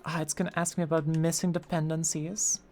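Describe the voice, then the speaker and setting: A woman's voice: deep voice, little pitch movement, a little fast, darkish tone. A woman streamer chatting casually, reading chat aloud, with lots of fillers and restarts. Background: faint background music.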